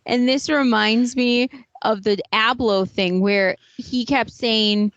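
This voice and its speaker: Slow-talking woman podcast co-host. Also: fairly high pitch, steady tone, a bit bright, no echo, muffled recording. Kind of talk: casual chat.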